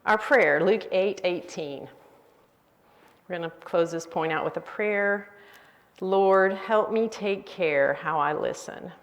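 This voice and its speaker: An older woman teaching a women's Bible study, lively and acting out example phrases. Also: on the low side, slow. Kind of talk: teaching talk. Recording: reverberant hall.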